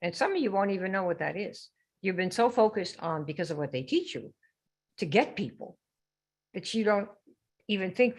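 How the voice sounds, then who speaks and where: A woman's voice: medium pitch, very animated, moderate pace, breathy edge. A woman hosting a live sales training stream, brash and teasing as she quizzes her viewers. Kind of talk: lively live-stream coaching.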